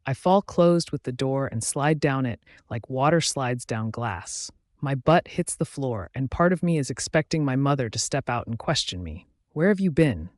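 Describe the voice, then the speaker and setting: A man reads a first-person fantasy audiobook in a reflective, measured way. His voice sits at a middle pitch, recorded dry and close with no room around it. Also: animated, no echo. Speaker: audiobook narrator. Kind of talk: scripted first-person narration.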